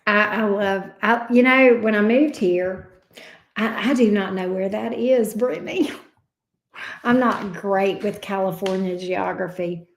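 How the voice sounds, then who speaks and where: Speaking slowly at a medium pitch, a Southern-accented woman hosts a tarot livestream and chats casually with her viewers. She calls them pet names like babes and love bug, and her room gives off an echo.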